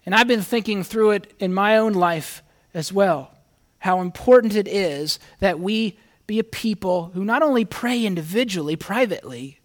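A man's voice: sits high, moderate pace. A man preaching a conversational sermon to his congregation, speaking earnestly and reading scripture aloud with rising emphasis. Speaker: pastor.

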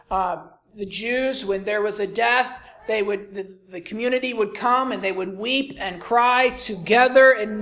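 A medium-pitched pastor preaches a sermon, reading scripture aloud in King James wording. He swings dramatically from soft to loud and poses rhetorical questions.

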